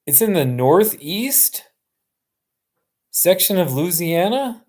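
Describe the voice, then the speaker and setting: A man's voice: high voice, very animated, takes it slowly, a little mellow. A man hosting a casual live stream, rambling and answering viewers' comments. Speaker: livestream host. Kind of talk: casual livestream chat.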